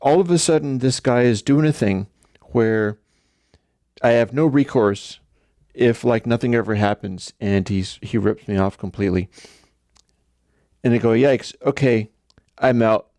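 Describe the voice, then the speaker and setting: A man's voice: medium pitch, unhurried, pauses often, warm tone, no room sound, clean studio sound. A man hosting a livestream, telling a story in a rambling, conversational way. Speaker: livestream host. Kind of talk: casual livestream chat.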